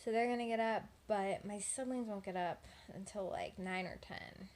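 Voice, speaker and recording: A medium-pitched, slightly mellow female voice at normal speed. The speaker, an eighteen-year-old from Texas, chats into her phone at home at night for a casual storytelling vlog, full of "like" and "um" as she rambles.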